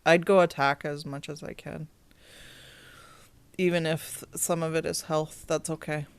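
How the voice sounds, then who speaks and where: Casting: relaxed female game guide host, low voice, unhurried and chatty. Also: creaky, clear, resonant tone. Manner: chatty, laughs easily. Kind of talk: casual game review commentary.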